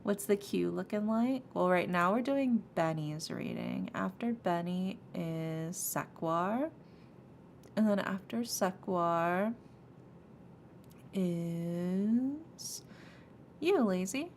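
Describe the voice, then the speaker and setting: A woman's voice: lowish voice, expressive, slow, a little hiss or hum. A woman streamer chatting casually and joking with her viewers before a tarot reading. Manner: joking, self-mocking, laughs often. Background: soft lo-fi music.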